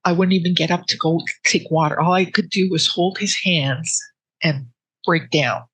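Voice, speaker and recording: Halting, emotional woman. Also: fairly low pitch, steady tone, husky, no echo, rough recording. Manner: earnest, halting storytelling with restarts; soft and emotional, close to tears. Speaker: interviewee. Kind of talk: personal grief story in an interview.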